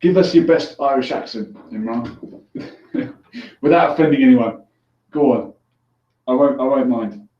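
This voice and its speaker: A man's voice: medium pitch, a little slow, pauses often. Joking man hosting a call-in show, echoey. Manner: chatty and joking, laughs easily. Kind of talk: casual call-in chat. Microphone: headphones on, mic at a distance. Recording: echoey room, distant dull lo-fi mic.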